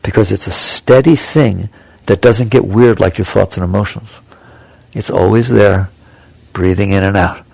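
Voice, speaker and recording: A man's voice: fairly low pitch, creaky, darkish tone, no room sound. A man giving a conversational spiritual talk to an audience, acting out inner voices with small chuckles. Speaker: spiritual teacher.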